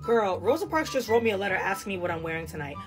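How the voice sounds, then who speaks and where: A woman's voice: mid-range voice, big pitch swings, very fast, over music. A young woman performing short comedy skits with sassy, boastful banter. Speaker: comedy sketch creator.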